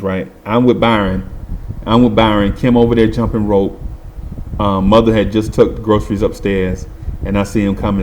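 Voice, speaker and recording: Animated man telling a street story. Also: mid-range voice, slight background noise. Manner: animated, voices other people and makes sound effects. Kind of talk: casual storytelling.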